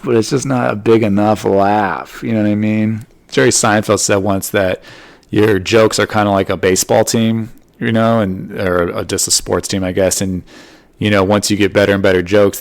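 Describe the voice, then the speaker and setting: A man with a lowish voice talks through his material alone on a podcast. His delivery is loose and rambling, padded with "you know" and "like.". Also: creaky. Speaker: comedian and podcast host. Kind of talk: casual solo monologue.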